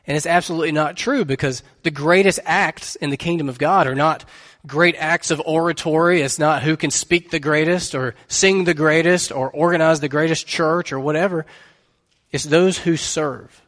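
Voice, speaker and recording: A man's voice: on the high side, moderate pace, a bit bright, in a large hall. A man preaching a sermon as pastor, telling a story in an earnest, conversational way.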